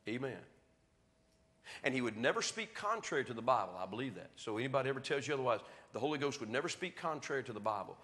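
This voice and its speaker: Man, middle-aged pastor, folksy sermon, long church reverb. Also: medium pitch. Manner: folksy storytelling, then quiet earnest appeal. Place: church sanctuary. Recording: church hall reverb on a live stream.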